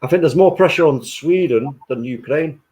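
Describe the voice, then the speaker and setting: A man's voice: on the high side, moderate pace, darkish tone. A man from the north of England hosting a football watchalong, chatting casually and laughing often. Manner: laughs a lot, puts on rough accents. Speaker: stream host.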